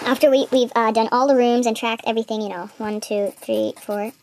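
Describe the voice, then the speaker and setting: A teenage girl with a fairly high voice tells a game story while she draws. She rambles, restarts and fills gaps with ums. A faint hiss sits under the recording. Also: fairly even intonation, fairly quick, a little mellow. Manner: rambling, lots of fillers and restarts. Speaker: video maker retelling a game. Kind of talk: casual storytelling while drawing.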